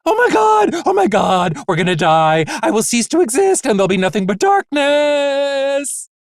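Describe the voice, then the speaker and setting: A shrieking, panicky little vacuum robot. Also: male voice, very high-pitched, big pitch swings, normal speed, dry recording, studio quality, pitched above the performer's own voice, heavily acted. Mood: panicked. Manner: shrieking, hysterical.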